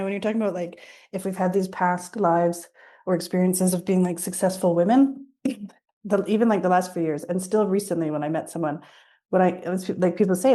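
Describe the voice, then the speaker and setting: A woman's voice: fairly low pitch, warm tone. A woman on a group coaching call, talking frankly with many fillers and a defiant edge. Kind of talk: casual sharing. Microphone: video call.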